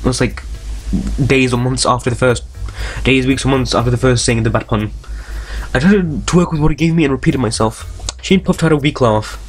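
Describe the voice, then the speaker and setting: A man's voice: medium pitch, a little fast, soft background music. A man hosting a let's play, reading a visual novel aloud and breaking off into jokes, tangents and frequent swearing. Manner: reads story text aloud, stumbling over words.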